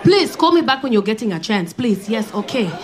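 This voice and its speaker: A woman comedian voicing a smitten African man on a date who begs and gives blunt compliments in halting English, over a loud crowd. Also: on the high side, lively intonation, heavy background noise, close to an everyday voice. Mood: pleading. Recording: live club set with loud crowd.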